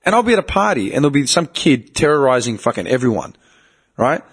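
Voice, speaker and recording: A young man hosting a podcast, talking in a casual, animated, swearing way and mimicking other people in quoted voices. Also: mid-range voice, quick pace, breathy edge. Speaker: podcast host.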